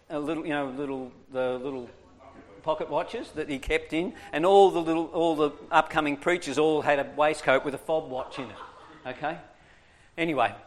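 A man's voice: sits high, slight background noise. A man preaching a sermon, telling stories animatedly and laughing often. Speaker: preacher, evangelist. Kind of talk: storytelling sermon.

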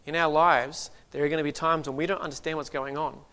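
Male preacher, slightly higher voice, chatty delivery with quips. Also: steady tone, fast talker, bright, forceful tone. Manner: conversational, with joking asides. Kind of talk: sermon.

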